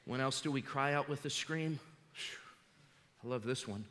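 Male pastor, emphatic sermon delivery, bright forceful tone, long hall reverb. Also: medium pitch, moderate pace. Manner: fervent, emphatic preaching.

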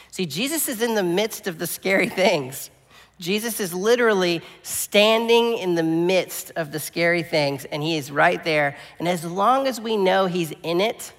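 A male pastor delivers an earnest sermon in a gravelly, somewhat high voice. He builds to emphatic peaks, then falls to quiet, low lines. The sound carries the long reverb of a large hall.

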